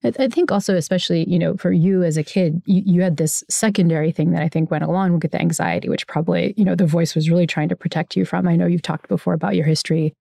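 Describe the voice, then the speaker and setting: A woman's voice: fairly low pitch, fairly even intonation, fast, gravelly, few pauses, mellow, dry recording, studio quality. A woman hosting a conversational interview, thoughtful and explanatory, often checking in with "right?". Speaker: podcast host.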